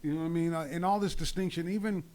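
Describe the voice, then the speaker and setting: A man's voice: fairly high pitch, steady tone, racing, darkish tone. A man in casual chat with friends, speaking his mind and often adding "you know what I mean" as he restarts his words.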